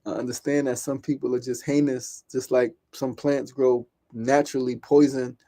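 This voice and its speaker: A man's voice: mid-range voice, little pitch movement, normal speed, dark tone. A man hosting a podcast, giving an impassioned solo monologue, swearing and repeating phrases. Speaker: podcast host.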